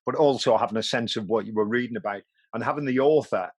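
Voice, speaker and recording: A man hosting a podcast, chatting casually and telling animated stories with little bursts of mimicry. His voice sits at a middle pitch and is recorded dry and close, with no room sound. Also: fast talker, husky, no echo. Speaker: podcast host. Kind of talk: casual chat.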